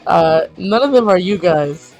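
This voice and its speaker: A woman's voice: lowish voice, expressive, unhurried, a little mellow, soft background music. A woman narrating a tabletop game as game master, describing scenes in a hesitant way full of fillers.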